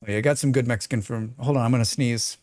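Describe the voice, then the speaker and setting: He talks fast, with a medium pitch, a darkish tone and fairly even intonation. It's a casual live stream where he plays a game and keeps up a chatty back-and-forth with his viewers' messages, interrupted by repeated sneezes.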